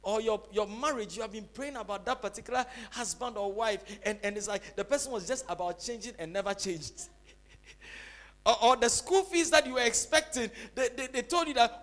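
High bright-voiced preaching pastor. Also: male voice, fairly quick. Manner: preaching with dramatic rises to shouting and drops to soft asides. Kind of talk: sermon.

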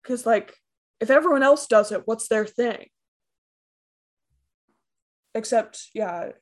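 Woman co-host, slightly high voice, critical casual film chat. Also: slow pace, a little mellow. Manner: critical, picks apart plot points.

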